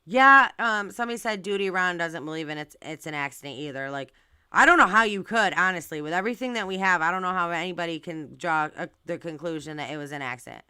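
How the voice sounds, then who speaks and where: Channel host, female, lowish voice with a crisp, clear tone; chatty, filler-heavy talk aimed straight at her audience. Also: expressive, quick pace, sharp tone, no echo. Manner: rambling, filler-heavy, talks to viewers directly. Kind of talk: casual live-stream commentary.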